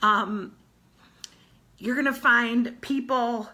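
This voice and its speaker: A woman's voice: on the high side, measured pace, pushed and bright. A woman in her thirties, a fitness coach, talking earnestly to her team while close to tears, often repeating herself. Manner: earnest, tearful, repeats phrases. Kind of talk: emotional motivational talk to her team.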